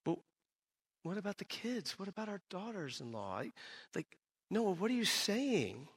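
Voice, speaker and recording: A man's voice: a little high, expressive, moderate pace, fairly bright tone, voice pushed up. A man voicing a worried, bewildered woman, the wife of Noah, who asks one disbelieving question after another.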